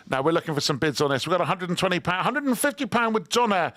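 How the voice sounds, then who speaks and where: Radio auction host: male, a touch high-voiced, jokey pitch patter, dry close mic. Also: sing-song, a bit bright, no echo. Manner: jokey, quick salesman-style pitching.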